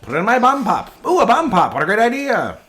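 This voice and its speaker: A man voicing a brash old-timey gentleman, boasting loudly. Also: extremely high pitch, huge pitch swings, fairly quick, pitched above the performer's own voice, full character voice. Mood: boastful. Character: brash fast-talking man from the past.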